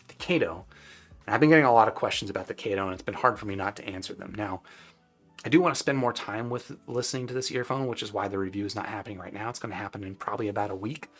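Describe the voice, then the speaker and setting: A man's voice: lowish voice, a bit bright. A man hosting a live stream, casually answering viewers' chat questions with loose, rambling talk full of fillers and restarts.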